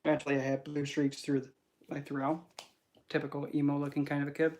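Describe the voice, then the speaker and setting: Young man, livestream chat, rambling and animated, lots of fillers. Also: fairly high pitch, brisk. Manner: rambling storytelling with many fillers. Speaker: spiritual reader streamer.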